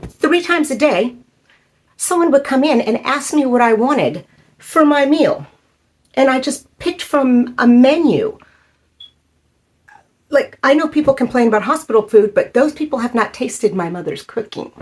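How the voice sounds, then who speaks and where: A woman in her fifties telling a personal story in a halting, emotional way, with many fillers. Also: sits high, lively intonation, slightly rough. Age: 50s. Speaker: vlogger.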